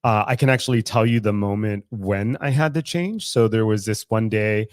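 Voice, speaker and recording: A man's voice: on the low side, moderate pace, no room sound, clean studio sound. A man co-hosting a casual podcast, talking candidly about his faith, often laughing and swearing freely. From San Francisco Bay Area. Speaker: podcast co-host. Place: studio room.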